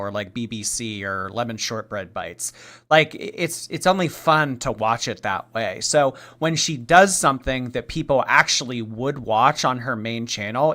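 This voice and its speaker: Bright-voiced sarcastic male streamer. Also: mid-range voice. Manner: sarcastic, mocking, rambling with restarts. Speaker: commentary streamer. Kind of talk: live stream commentary.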